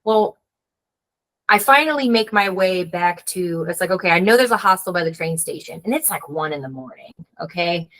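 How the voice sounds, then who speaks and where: A woman's voice: on the low side, normal speed, rough recording. A woman, a guest author, telling a story in casual conversation and acting out the voices she quotes. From United States. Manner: animated storyteller, acts out quoted voices, frequent "like".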